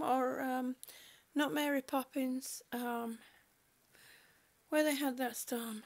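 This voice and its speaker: Speaking at a measured pace in a high, somewhat bright voice, a woman hosts a casual livestream from indoors at home. She laughs frequently as she reads her viewers' comments out loud.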